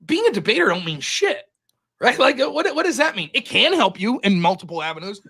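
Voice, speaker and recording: A man in casual podcast chat, telling stories in an animated, profane way into a close mic. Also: high voice, fairly quick, husky. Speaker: podcast host and debater.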